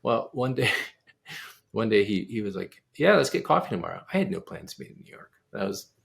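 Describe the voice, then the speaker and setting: Gravelly-voiced man telling an animated story. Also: on the low side, normal speed. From United States. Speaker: guest pianist and composer. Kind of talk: storytelling in a casual interview.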